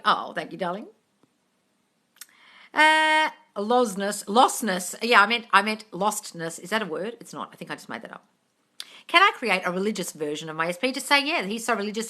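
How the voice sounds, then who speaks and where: A woman's voice: medium pitch, bright, forceful tone. A woman answering chat questions on a live stream, blunt and sweary, calling her viewers darling. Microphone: phone on a live stream.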